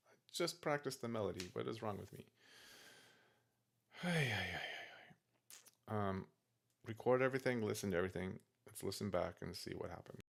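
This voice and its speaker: A man working through takes of his own song on a studio microphone, talking himself through each attempt in soft, self-critical asides. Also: fairly low pitch, fast talker, vocal fry. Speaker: singer-songwriter teaching vocal practice. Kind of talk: casual talk-through of his own practice session. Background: guitar playing.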